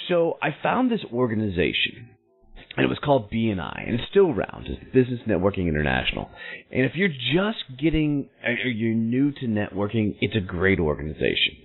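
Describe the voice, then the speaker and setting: A man in his thirties, a show host telling a personal story in an animated way, acting out the people in it. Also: lowish voice, normal speed, gravelly. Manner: animated, acts out quoted voices in his story. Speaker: podcast host. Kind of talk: storytelling monologue. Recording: tinny phone-like audio.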